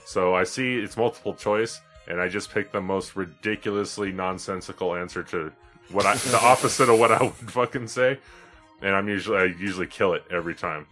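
A man with a very low, bright, forceful voice co-hosting a podcast. He chats casually and tells stories with a crude, self-mocking edge. Faint music plays behind him. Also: a little fast. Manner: profane, self-mocking storytelling. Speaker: podcast co-host.

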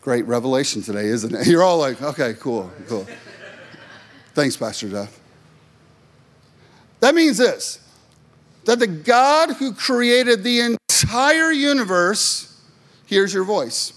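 Male pastor, sermon, high voice, emphatic questions, playful asides. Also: fairly bright tone. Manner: emphatic, rhetorical call-and-response questions; joking asides to the congregation.

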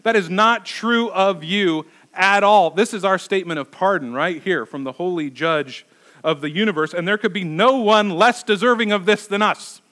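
A man's voice: high-pitched, moderate pace, pushed and bright. A man preaching as a pastor, conversational and emphatic, asking his listeners rhetorical questions. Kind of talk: sermon.

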